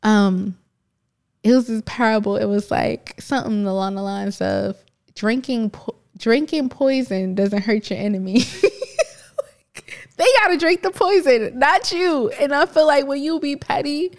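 A woman co-hosting a casual podcast, talking in a loose, rambling way. She laughs easily and jumps from one tangent to the next. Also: a little high. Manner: animated, rambling, quick to laugh. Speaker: podcast co-host.

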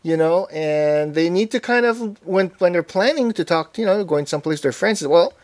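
A man's voice: high voice, animated, moderate pace, no room sound. Easygoing rambling man, dry close sound. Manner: easygoing, rambling, full of asides. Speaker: podcast co-host. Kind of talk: casual tech chat.

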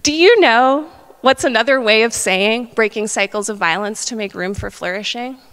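A woman in her thirties preaching a sermon in a chatty, animated storytelling manner. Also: fairly high pitch, moderate pace, clean tone. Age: 30s. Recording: long hall reverb.

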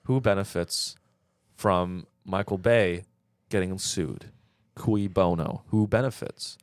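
A man's voice: low voice, takes it slowly, dry recording, studio quality. A man co-hosting a casual comedy podcast who laughs easily and restarts his sentences mid-thought. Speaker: podcast co-host.

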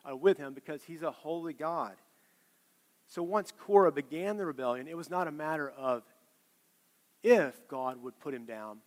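A man's voice: on the high side, fairly bright tone. A man pastor delivering an earnest, emphatic sermon and often repeating his words. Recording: long hall reverb.

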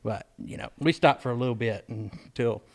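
A man tells stories in a relaxed co-host chat. He rambles and restarts often. He slips into quick acted-out quotes of the people in his stories. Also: medium pitch. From Mississippi, US. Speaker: podcast co-host. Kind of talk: casual storytelling chat.

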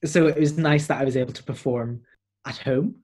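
A performer from Northern Ireland, still in his twenties, is a guest in an easygoing interview. He talks briskly in a mid-range voice, telling stories in an animated, digressive style.

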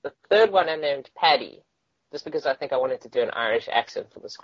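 A man's voice: mid-range voice, animated, quick pace, fairly bright tone, breathy edge, no room sound, highs cut off. A man co-hosting a casual chat, enthusiastic and rambling, often laughing. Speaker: podcast co-host.

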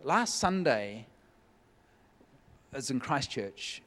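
A man preaching a sermon, telling a personal story in a lively way and acting out the voices of the people in it, at a church meeting. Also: mid-range voice, slow pace. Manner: lively, acts out quoted voices. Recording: long hall reverb.

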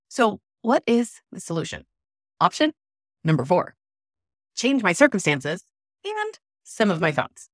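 A woman's voice: fairly high pitch, no echo, clean studio sound. A middle-aged woman hosting a personal podcast, telling her story in an emphatic, exasperated way. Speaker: podcast host.

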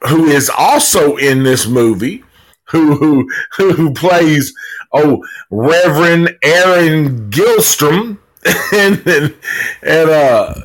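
A man's voice: fairly high pitch, lively intonation, slow pace, low-quality recording. A man hosting a live podcast, reviewing a movie in a laid-back, casual way, swearing freely and leaning on fillers. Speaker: podcast host reviewing a film.

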